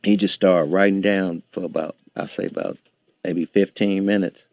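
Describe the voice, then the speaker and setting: A man, a DJ and producer, recalls a recording session in a relaxed, halting way with lots of fillers. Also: deep voice, no echo. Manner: laid-back, halting with fillers. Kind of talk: interview recollection.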